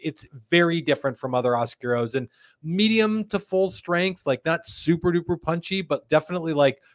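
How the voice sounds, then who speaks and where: A man's voice: on the high side, dry recording, clean studio sound. A man hosting a live stream, chatting and reading out viewer comments. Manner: chatty, animated, fast and slow in turns. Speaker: show host.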